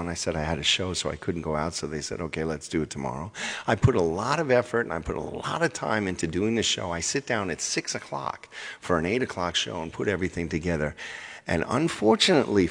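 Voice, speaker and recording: A man's voice: low-pitched, gravelly, in a large hall. A middle-aged man hosting his own live music show, talking casually and repetitively straight to his viewers. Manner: rambling, repeats himself, addresses folks directly. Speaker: live-stream music show host and singer.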